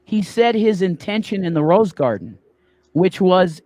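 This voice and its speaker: A man's voice: sits high, big pitch swings, normal speed, darkish tone. A man co-hosting a livestream, talking politics in a casual, emphatic and preachy way that builds to a raised voice. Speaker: livestream co-host. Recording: dry close sound.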